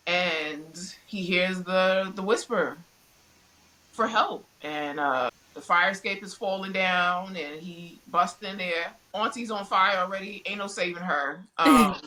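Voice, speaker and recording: A middle-aged woman co-hosting a casual podcast, animated and quick to laugh as she recaps a TV show. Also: fairly low pitch, rough recording. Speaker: podcast co-host. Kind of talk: casual pop-culture chat.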